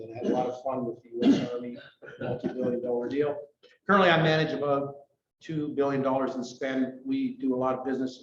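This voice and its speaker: A middle-aged man from Canada giving a rambling, hurried, self-deprecating talk to his club at a breakfast meeting. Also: mid-range voice. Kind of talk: informal members' talk. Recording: roomy, distant, dull recording with faint noise.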